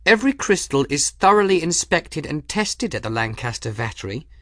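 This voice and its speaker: Man putting on a high, defiant young woman engineer. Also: very animated, normal speed, pushed and bright, no room sound, clean studio sound. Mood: tense.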